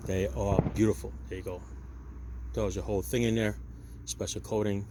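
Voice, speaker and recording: A man's voice: on the low side, level tone, normal speed, dark tone, slight background noise. A man hosting a casual do-it-yourself car repair walkthrough, talking to viewers as "people" and giving blunt, opinionated advice while working outdoors at a parked car. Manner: chatty, addresses viewers as "people". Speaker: DIY car repair channel host.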